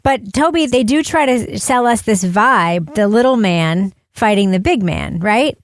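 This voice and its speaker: A woman co-hosting a podcast in casual chat, teasing with quick interjections. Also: medium pitch, animated, dry recording, clean studio sound. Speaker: podcast co-host.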